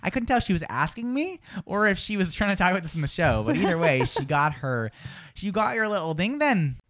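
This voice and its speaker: A man's voice: a little high, lively intonation, fast, fairly bright tone, no room sound, studio quality. Chatty man hosting a show. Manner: chatty, rambling, doing playful accent impressions. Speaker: radio show host. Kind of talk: casual banter.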